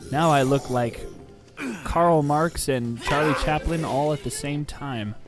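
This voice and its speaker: A man's voice: a little high, slow pace. A man giving casual, rambling, jokey let's play commentary, often talking back to the game. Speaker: gameplay commentator. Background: game music.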